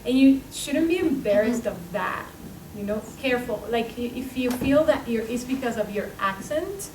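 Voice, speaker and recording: Halting woman, Spanish accent, echoey room. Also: a little high, animated. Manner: halting, searching for words. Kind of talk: casual group discussion. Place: school meeting room. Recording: distant, echoey, noisy room.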